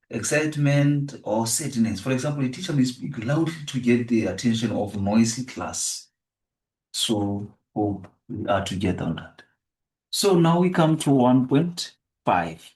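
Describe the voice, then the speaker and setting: Slow, deliberate male teacher, echoey room. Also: mid-range voice. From South Africa. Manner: repetitive, restates each answer. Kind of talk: exam revision lesson. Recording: echoey room, distant from the mic.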